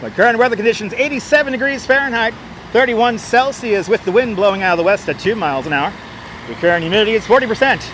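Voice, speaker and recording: A man putting on a cheesy old-time male radio announcer voice, booming with exaggerated ad-read inflection, sarcastic, outdoors on a city street into a clip-on mic. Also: fast, a bit bright, a little hiss or hum. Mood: mock-official. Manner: over-the-top sarcastic announcing. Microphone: wireless clip-on mic.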